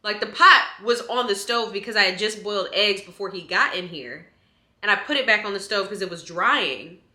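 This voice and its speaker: A young woman tells a storytime tale in a very bright, sharp voice. She chats animatedly, jumping up high when she gets indignant. Her small apartment kitchen gives the sound a roomy echo. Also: lively intonation, moderate pace. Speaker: vlogger. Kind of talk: casual storytime chat. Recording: echoey room.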